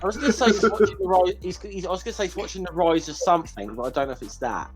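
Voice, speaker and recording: A man's voice: high voice, rapid-fire, faint music behind, low-quality recording. A man chatting with friends on a video call, joking around and stumbling into his points. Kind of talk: casual group chat on a video call.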